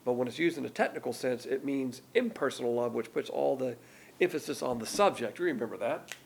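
An older man preaching a sermon, teaching in a folksy, emphatic way that jumps up in pitch on key words. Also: expressive, brisk, vocal fry, darkish tone, slight background noise. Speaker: pastor.

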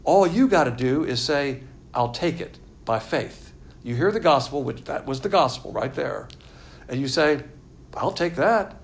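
A man's voice: mid-range voice, animated, moderate pace, gravelly. A man preaching a sermon in a blunt, emphatic, conversational way.

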